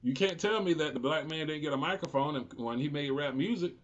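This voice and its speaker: A man's voice: on the high side, brisk, dull audio. Heated profane man in his forties. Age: 40s. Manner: heated, profane, rising into shouts of indignation. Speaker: political commentary host. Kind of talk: unscripted political commentary.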